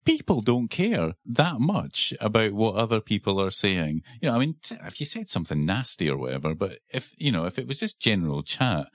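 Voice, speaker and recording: Scottish man, low voice, dry close sound, chatty podcast host. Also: sing-song, brisk, few pauses, no echo. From Scotland. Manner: chatty, self-deprecating, wry. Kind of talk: casual chat. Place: Edinburgh.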